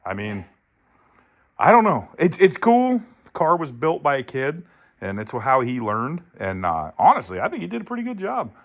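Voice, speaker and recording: A car-guy vlogger a man talks to the camera outdoors in a loose, joking way. His pitch rises and falls a lot as he laughs and swears through the chat. He speaks at a middle pitch. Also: wildly swooping pitch, moderate pace. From Ohio. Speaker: channel host, car builder.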